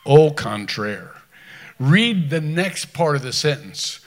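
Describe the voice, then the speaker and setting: A man preaching a sermon in a conversational way, stumbling over restarts and swinging between loud scripture reading and quiet asides. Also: on the high side, very animated, takes it slowly. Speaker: pastor.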